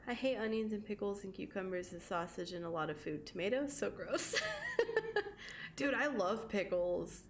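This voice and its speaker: A woman's voice: mid-range voice, animated, unhurried, pauses often. Young woman streamer chatting while she plays, giggly, cusses a lot, voice bounces up and down, bit of faint noise behind. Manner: chatty and giggly, swears casually. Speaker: live streamer. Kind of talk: casual gaming stream chat with viewers.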